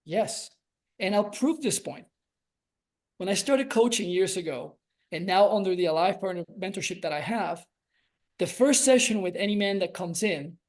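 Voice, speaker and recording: A man speaking as a relationship coach on a podcast, earnest and reflective, stretching out key words for emphasis. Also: high voice. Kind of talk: reflective conversational podcast talk.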